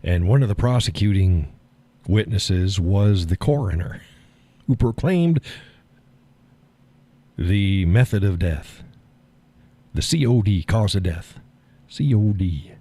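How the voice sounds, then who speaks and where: A man's voice: low-pitched, lively intonation, slow pace, pauses often, dark tone, no echo. A man hosting a live stream, chatting casually, often laughing, folksy and blunt with casual swearing. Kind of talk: casual chat.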